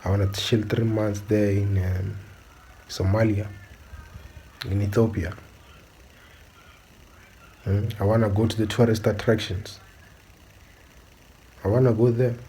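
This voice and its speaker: A man's voice: lowish voice, level tone, unhurried, pauses often, dark tone, slight background noise, rough recording. A man, giving opinionated commentary as a channel host and asking his viewers again and again whether they understand. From South Africa. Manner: preachy, repeatedly asks "do you understand?".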